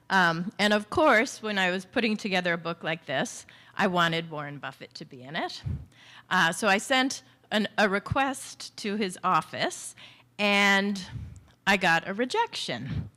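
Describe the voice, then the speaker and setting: A woman's voice: lowish voice, pushed and bright. A woman speaking as an author, telling a story to an audience in a chatty way with many fillers.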